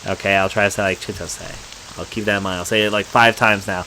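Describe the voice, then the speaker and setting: A man's voice: low voice, fairly even intonation, a little fast, bright, forceful tone, slight background noise, poor audio. A man giving casual, joking commentary while playing a horror game. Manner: joking, self-mocking asides. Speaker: let's play commentator.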